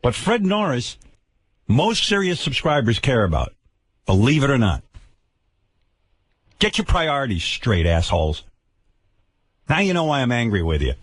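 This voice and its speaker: A man's voice: medium pitch, sing-song, measured pace, pauses often, breathy edge, dry recording. An older man hosting a radio show, ranting with profane sarcasm and stammered repeats. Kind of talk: angry on-air rant. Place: radio studio.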